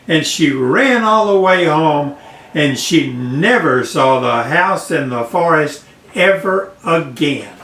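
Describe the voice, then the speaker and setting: An older man reading a bedtime story to his grandchild, slow and gentle. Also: fairly high pitch. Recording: echoey room, voice off-mic.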